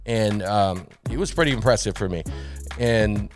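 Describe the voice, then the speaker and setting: A man's voice: fairly low pitch, normal speed, soft background music. A man co-hosting a morning live stream, bantering casually and reading news bits aloud with frequent laughs. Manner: animated, laughs often, reads news items aloud. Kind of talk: casual radio-style banter.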